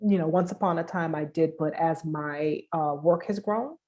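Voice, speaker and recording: A woman's voice: low-pitched, moderate pace, a little mellow, dull audio. A woman with a Brooklyn accent, a guest spiritual worker, chatting casually and laughing easily on a video call. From New York.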